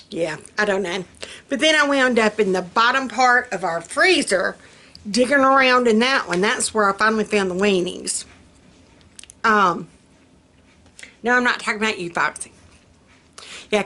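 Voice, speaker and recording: An older woman talks to her viewers in a slow, easy drawl. Her voice is bright and swoops up and down as she giggles through her homey stories. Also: on the high side. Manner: giggly, folksy, laughs often at her own jokes. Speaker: vlogger. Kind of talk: casual chat to camera.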